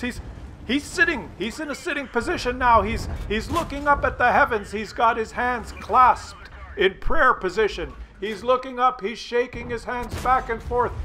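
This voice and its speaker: A man's voice: very high-pitched, sharp tone, a little hiss or hum. A man, hosting a gaming channel and ranting over gameplay in a profane, sarcastic way, slipping into mock play-by-play. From Canada.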